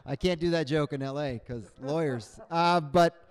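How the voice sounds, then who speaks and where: Male stand-up comic, high-pitched, animated delivery, handheld mic on stage. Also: slow pace. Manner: animated, acts out other people's voices. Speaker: stand-up comedian. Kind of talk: stand-up comedy set. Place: on stage before a live audience.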